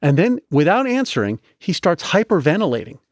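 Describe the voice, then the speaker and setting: A man's voice: high voice, a little fast, no echo. Chatty man telling stories, dry sound. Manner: animated, chatty, with many restarts. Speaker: guest, medical device inventor. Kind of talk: storytelling in a podcast interview.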